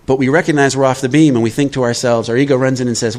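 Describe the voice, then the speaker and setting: A man's voice: medium pitch, fairly even intonation, very fast, a little mellow. A man giving a recovery workshop talk in a conversational way, often checking in with his listeners. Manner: conversational, checks in with "all right?". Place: live workshop.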